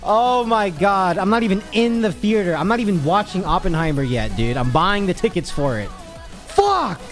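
A young man talks casually on a livestream, his voice high and lively, leaping up and down as he rants. He swears freely and sounds exasperated with his chat. Faint music plays underneath. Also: a little fast. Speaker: streamer.

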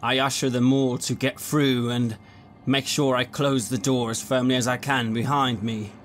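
A man's voice: medium pitch, little pitch movement, moderate pace, a little hiss or hum. A man playing a tabletop game, describing his actions plainly. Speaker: player.

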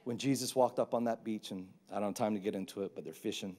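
Animated pastor preaching. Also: male voice, lowish voice, quick pace. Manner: animated, joking, acts out quotes in put-on voices. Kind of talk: sermon. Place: church stage.

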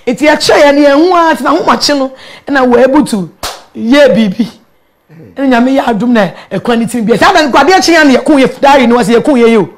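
High-voiced Ghanaian woman telling her story. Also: fast talker. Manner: animated, laughing often, mixing local words into English. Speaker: guest. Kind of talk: candid personal storytelling in an interview.

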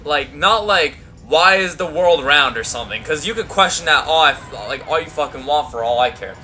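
A young man riffs through a game playthrough in a lively, swooping voice, his tone bright and a touch high. He rambles, swears constantly and trash-talks with crude relish while faint game music plays underneath. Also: brisk. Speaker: gameplay commentator. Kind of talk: let's play commentary.

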